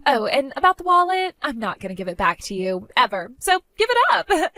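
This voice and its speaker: A woman's voice: high-pitched, very animated, brisk, sharp tone, no echo, clean studio sound, soft background music, exaggerated voice. A woman voicing a spoiled, bratty young woman who taunts her older sister in a mocking, sing-song way. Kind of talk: animated story voice acting.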